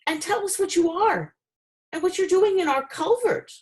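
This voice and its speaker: Storybook cows, read by a woman: friendly, curious, high. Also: expressive, normal speed, darkish tone. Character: gentle friendly farm cows.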